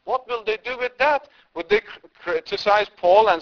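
A man's voice: sits high, sing-song, normal speed, few pauses, fairly bright tone. A man from India preaching a sermon, impassioned, with emphatic rises and repeated words. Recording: dull lo-fi recording.

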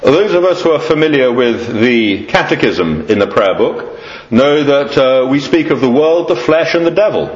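English man, sermon, earnest and measured, lively pitch, echoey lo-fi room sound. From England. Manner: measured, earnest preaching with rising emphasis and trailing low endings. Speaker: preacher.

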